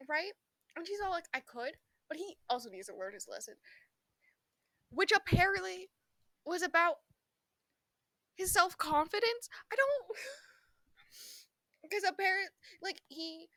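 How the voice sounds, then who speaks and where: A young woman with a slightly high voice talks through a book she has just finished, rambling with plenty of fillers. She drops into quick acted-out lines and laughs along the way. Her voice is recorded close and dry, with no room echo. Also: sharp tone. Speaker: book vlogger. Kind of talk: casual book review chat.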